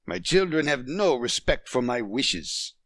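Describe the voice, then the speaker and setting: A man's voice: medium pitch, big pitch swings, measured pace, a bit bright, dry recording, studio quality, voice pushed up. A man voicing a stubborn, domineering French husband past fifty who speaks sternly and commands.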